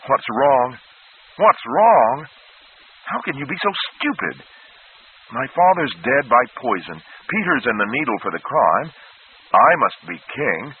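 Frantic young prince, voiced by a man, raised strained pitch, husky, tinny phone-like sound. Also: very animated, measured pace. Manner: panicked, pleading, near screaming.

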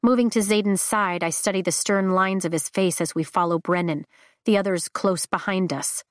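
A woman narrating a novel in the first person, steady and measured, on a close mic. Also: mid-range voice, no room sound. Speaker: audiobook narrator.

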